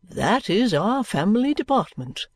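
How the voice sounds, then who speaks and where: A woman reading an audiobook, voicing a whimsical, childlike middle-aged gentleman with a light, sing-song manner and slow, drawn-out phrases. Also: medium pitch, big pitch swings, no room sound.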